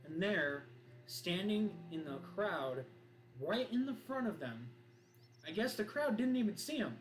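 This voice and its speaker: A male streamer telling a dramatic story in an animated way. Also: high voice, a little slow, roomy sound, poor audio. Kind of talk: improvised spoken storytelling. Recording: voice over loud background music.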